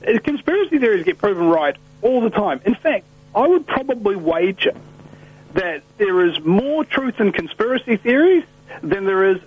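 A man's voice: sits high, sing-song, moderate pace, breathy edge, narrow, tinny audio. A man hosting a talk show, speaking with emphatic, ranting passion. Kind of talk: heated talk-show conversation.

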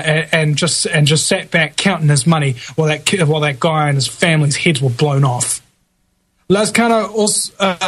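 A man's voice: a little high, fairly bright tone. A man hosting a talk radio show, reading the news with blunt slangy asides and many fillers and restarts.

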